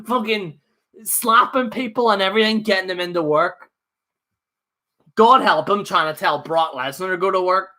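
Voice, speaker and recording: Bright-voiced man ranting on a livestream. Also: high voice, moderate pace, pauses often. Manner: rambling, fired-up, jokey. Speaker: livestream host. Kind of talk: casual livestream rant.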